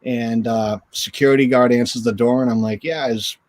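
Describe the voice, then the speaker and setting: A man's voice: medium pitch, normal speed. A middle-aged man, a former hockey goalie, telling stories as a guest on a video call interview, acting out quotes with a raised voice. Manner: animated, acts out quotes in raised voice. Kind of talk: storytelling in an interview.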